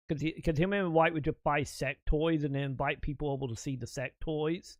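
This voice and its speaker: A man in his thirties talks to his stream chat with a slightly high voice, rambling through a story with plenty of swearing and restarts. The sound is close and dry, with no room around it. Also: brisk, few pauses, no echo. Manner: profane, rambling, laughing storyteller.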